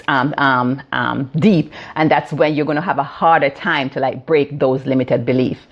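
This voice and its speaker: Jamaican woman, fifties, low voice, dull phone stream, teaching live with fillers and "right?" check-ins. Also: normal speed, hardly any pauses. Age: 50s. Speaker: theta healing practitioner.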